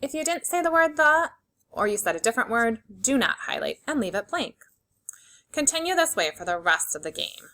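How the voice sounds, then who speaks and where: A woman teacher leading a phonics lesson for young children, slowly sounding out words and giving simple, encouraging instructions. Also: fairly high pitch, sing-song, bright, forceful tone. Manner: slow, clearly segmented sounding-out of words.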